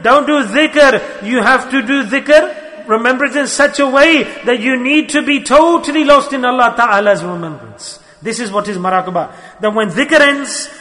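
A man's voice: very high voice, pushed and bright, big-room sound. A man teaching his Sufi students in an earnest sermon, repeating his key phrases.

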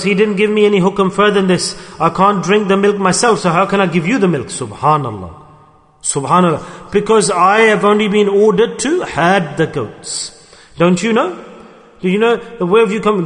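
A man giving a storytelling sermon, animated, acting out dialogue and repeating phrases for emphasis. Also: high voice. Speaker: preacher. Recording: long hall reverb.

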